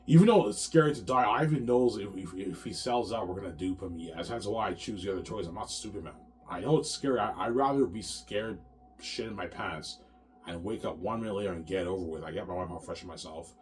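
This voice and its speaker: Man with a very low voice, agitated and profane, in a rambling monologue that loops back on itself. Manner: agitated, profane, repetitive, ends phrases with "man".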